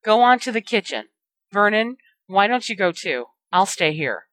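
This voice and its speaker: Brief: shrill, anxious aunt in a storybook reading, raised bright voice, put on by the reader. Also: very animated, normal speed, no echo. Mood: tense. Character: frightened shrill middle-aged aunt.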